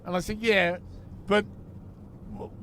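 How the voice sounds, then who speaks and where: An Australian man with a higher-than-usual voice trades stories with a friend on a long drive. He is dry and anecdotal, slipping into quoted voices as he goes. Faint car noise hums underneath. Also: little pitch movement, slow, a bit bright. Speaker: podcast co-host. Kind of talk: casual chat. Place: inside a moving car.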